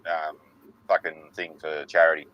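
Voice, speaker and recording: A man's voice: very deep voice, moderate pace, highs cut off. A man, co-hosting a casual chat show, telling stories full of swearing. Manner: sweary, animated storyteller. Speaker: podcast co-host.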